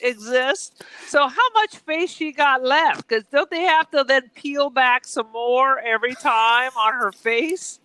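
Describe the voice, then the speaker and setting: A woman co-hosting a casual movie podcast, with a bright, smooth, clear voice. She throws in wisecracks and blunt rhetorical questions. The sound is dry and close to the mic. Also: high-pitched, slow, few pauses, no room sound, rough recording. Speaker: podcast co-host.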